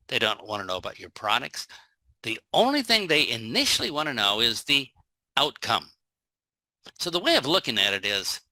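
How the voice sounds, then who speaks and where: A man's voice: mid-range voice, sharp tone, no room sound. A man giving a live online sales training talk in a folksy, joking way, acting out little everyday scenes.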